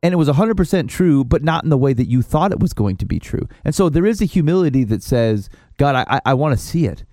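Mellow-voiced man musing on faith. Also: on the high side, animated, no echo, clean studio sound. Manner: reflective, halting restarts. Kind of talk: casual chat about faith.

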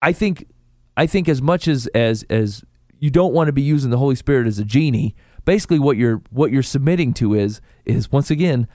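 A man's voice: mid-range voice, a little fast, no echo. Man telling faith stories, dry mic. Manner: storytelling, animated quoted asides. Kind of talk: casual chat about faith.

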